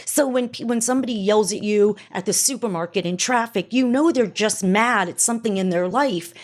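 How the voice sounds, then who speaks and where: A woman's voice: medium pitch, brisk. Blunt, emphatic middle-aged woman co-host. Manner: blunt, emphatic, repeats punchlines. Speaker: podcast co-host, mother. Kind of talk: casual chat.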